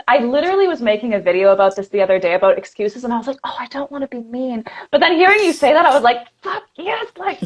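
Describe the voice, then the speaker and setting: Host: gushing woman from Canada, higher voice, lots of "like"s. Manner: effusive, laughs often, many "like"s. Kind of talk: casual video chat.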